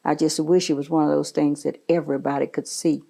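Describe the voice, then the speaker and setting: A woman's voice: sits low, level tone, brisk, creaky, mellow. An older woman from the American South, being interviewed for an oral history, earnestly recalling past events and often affirming with short repeated replies.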